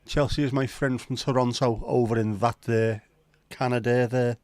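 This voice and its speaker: A man hosts a relaxed live stream and keeps up a jokey, chatty patter as he greets viewers one by one. His voice sits at a middle pitch. The sound is dry and close, with no room echo. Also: normal speed. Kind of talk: casual watch-along chat.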